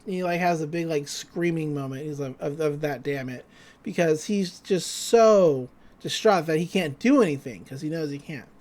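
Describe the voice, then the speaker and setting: A podcast co-host in casual chat, retelling an episode in an animated way and acting out the quoted lines. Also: medium pitch, moderate pace. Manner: loose, with frequent "like" and restarts.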